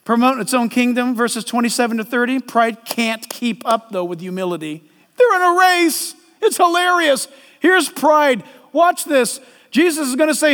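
A middle-aged man preaching a sermon as pastor, animated and joking, acting out little voices. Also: very high-pitched, moderate pace. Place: large church hall. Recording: long hall reverb.

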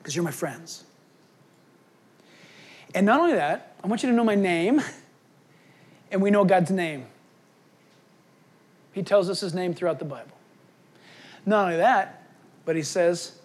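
A man preaching a sermon as pastor, swinging between loud emphatic bursts and quiet, hushed asides. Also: high-pitched, sing-song, moderate pace, pauses often.

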